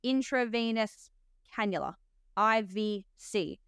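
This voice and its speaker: A woman's voice: mid-range voice, expressive, slow pace, a bit bright, smooth, dry recording, studio quality. A woman with an Australian accent hosting a podcast as a nurse, chatty and laughing often, with lots of "like". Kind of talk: casual podcast chat.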